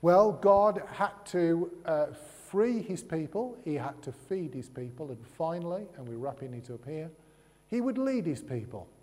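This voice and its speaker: A man's voice: fairly high pitch, big pitch swings, measured pace, darkish tone. A man giving a sermon in a chatty way, with humorous asides and rhetorical questions. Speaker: preacher. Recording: long reverb of a large hall.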